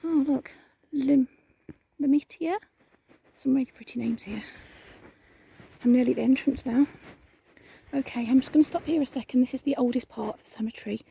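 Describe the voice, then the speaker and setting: A woman's voice: sits high, normal speed, creaky, mellow, husky. A woman vlogging a night ghost hunt in a cemetery, often whispering and calling out to spirits. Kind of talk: hushed vlog narration.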